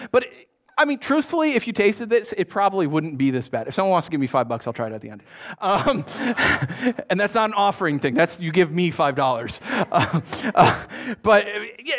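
A man preaching a sermon as pastor, telling jokey stories and asking the congregation questions. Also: on the high side. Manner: animated, joking storyteller who asks the congregation questions. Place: church.

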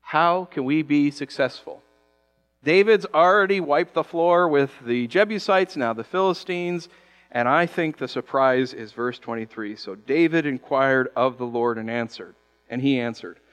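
A man preaching a sermon as pastor, conversational and animated, acting out quick quoted voices. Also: medium pitch, smooth.

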